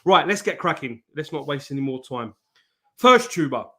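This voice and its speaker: A man hosts a live stream in an easy, matey way. His voice sits a little high for a man. He swears freely, laughs often and greets each viewer by name. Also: big pitch swings, normal speed, sharp tone. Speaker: host of a live trading stream. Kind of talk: casual live-stream chat.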